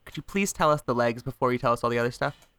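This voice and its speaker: A man's voice: medium pitch, quick pace, bright, forceful tone, clear, resonant tone, no echo. A man co-hosting a casual movie podcast, teasing and playful in his banter. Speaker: podcast co-host.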